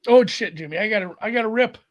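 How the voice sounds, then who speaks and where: A man from Minnesota, co-hosting a live sports betting stream, telling stories in an animated way and laughing often. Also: high voice, quick pace, crowd noise, low-quality recording. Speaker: podcast co-host. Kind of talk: casual sports betting chat.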